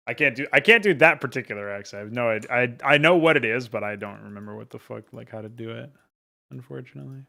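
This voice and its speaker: A man's voice: medium pitch, quick pace, creaky, bright, forceful tone. A man casually chatting with his viewers while modding a game, laid-back, laughing often and swearing offhandedly. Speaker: game modder streaming. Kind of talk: casual livestream chat.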